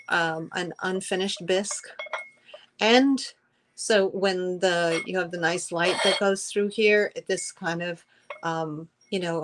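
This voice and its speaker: Against background noise, a middle-aged woman with a lowish voice hosts a live-stream sale. She chats effusively with viewers, and her speech has many fillers and restarts.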